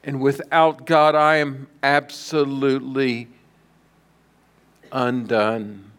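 A middle-aged man preaching a sermon as pastor, telling stories dramatically and swinging from loud declarations to hushed lines. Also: mid-range voice, little pitch movement, takes it slowly, clean tone.

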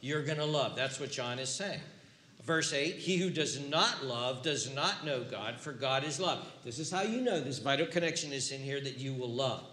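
A man's voice: medium pitch, animated, normal speed, sharp tone. An older man preaching a sermon as pastor, repeating words as he restarts and building to emphatic peaks. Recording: roomy echo with faint ambience.

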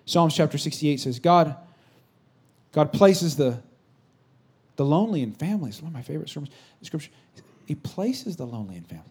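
Male pastor, 30s, husky voice, preaching a sermon in church; dynamic, from shouted lines to whispers. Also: fairly high pitch, animated, normal speed, long pauses. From California. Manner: swings from loud exclamation to soft whispered asides. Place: church sanctuary.

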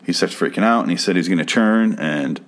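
A man giving a casual, rambling recap of a TV episode, swearing freely and sounding exasperated. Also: low-pitched. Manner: profane, exasperated, rambling with restarts. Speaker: show recap host. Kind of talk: casual ranting commentary.

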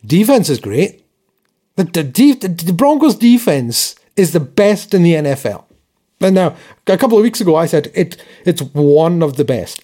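A man's voice: high-pitched, dark tone. A man co-hosting a sports podcast, ranting in an exasperated way and restarting his sentences often. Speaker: podcast co-host. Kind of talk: casual sports chat.

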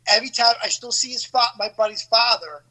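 Man, 50s, bright tone, casual podcast host, animated storyteller. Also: very high-pitched, fast, low-quality recording. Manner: animated storyteller, acts out quoted voices.

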